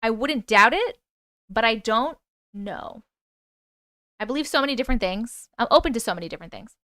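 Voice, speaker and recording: A woman hosting a live chat stream, excitable and quick to laugh, who races through thank-yous to her viewers. Her voice sits high and sounds bright and sharp. The recording is dry and close, with no room sound. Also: dry recording. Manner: chatty and excitable, rattles off thank-yous fast; swears casually, gasps and laughs often. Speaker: livestream host. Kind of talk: casual livestream chat, reading comments and thanking gifters.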